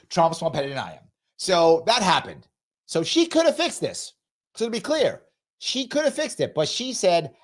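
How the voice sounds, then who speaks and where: A man hosting a live political commentary show, talking in a sarcastic, mocking way. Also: fairly high pitch. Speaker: host.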